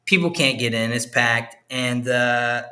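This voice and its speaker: Dude on a podcast recapping an episode, super bright voice, mid pitch. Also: male voice, measured pace. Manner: animated plot retelling with acted quotes. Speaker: podcast co-host. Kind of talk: casual review chat.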